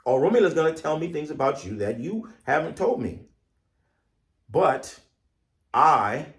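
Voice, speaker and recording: Deliberate, animated male Ifa priest. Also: medium pitch. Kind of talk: spiritual teaching with storytelling. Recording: echoey room.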